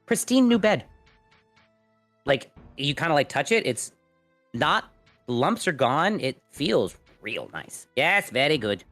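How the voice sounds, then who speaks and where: A man's voice: mid-range voice, sing-song, takes it slowly, sharp tone, faint music behind. Playful man running a tabletop game. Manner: rambling, playful, slips into odd character speech. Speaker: game master. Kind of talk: narrating and voicing characters in a tabletop game.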